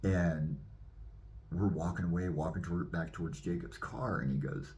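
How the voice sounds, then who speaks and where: Brief: low-voiced male minister, animated testimony storyteller. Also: moderate pace. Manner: animated, acts out scenes. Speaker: minister giving his testimony.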